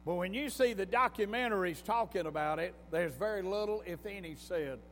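A man's voice: sits high, fairly quick, few pauses, fairly bright tone. A man preaching a sermon in a folksy storytelling manner, breaking into emphatic bursts. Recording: long hall reverb with faint music.

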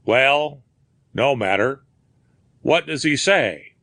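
A man's voice: medium pitch, lively intonation, takes it slowly, gravelly, sharp tone, no echo, clean studio sound, voice pushed up, full character voice. Man doing a puzzled, probing detective. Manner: questioning, incredulous.

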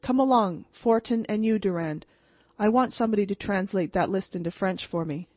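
A woman's voice: mid-range voice, fairly quick, dry recording, highs cut off, lightly acted. A woman reading the lines of a friendly, wry male American traveler in a first-person story.

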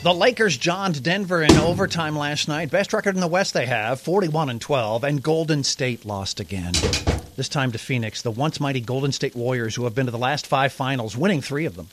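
A man's voice: medium pitch, brisk, noisy background. A male radio host reading comic sports news in a wry, mock-serious way.

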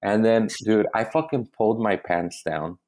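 Man, very low voice, comedian guest, casual chat, profane, animated storytelling. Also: normal speed. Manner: animated, profane, keeps restarting.

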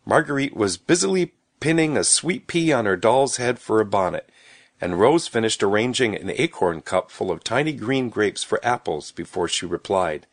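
A man narrating a children's story in an expressive storybook reading. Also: on the low side, normal speed, no room sound, clean studio sound.

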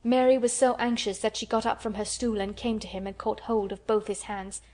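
A woman narrating a classic children's novel as an audiobook, in a gentle, even storytelling manner. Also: fairly high pitch, a little fast.

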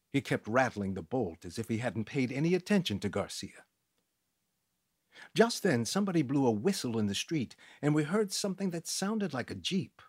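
A man with a husky voice giving expressive first-person narration of an audiobook. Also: mid-range voice, dry recording, studio quality. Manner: expressive storytelling.

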